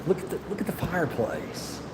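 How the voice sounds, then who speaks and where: With a fairly high voice whose pitch swoops wildly, a man vlogs a museum walk on his phone at a fairly quick clip. He's chatty and rambling, joking and laughing a lot, and the audio is very noisy, with echo and faint ambience from the halls.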